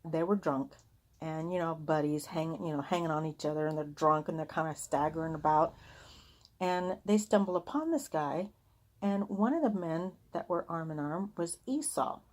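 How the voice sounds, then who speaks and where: A woman's voice: deep voice, moderate pace. A woman telling a personal story in a casual, earnest, chatty way, often acting out what people said. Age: adult with children. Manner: chatty, earnest, re-enacts heated arguments. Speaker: vlogger sharing a personal vision.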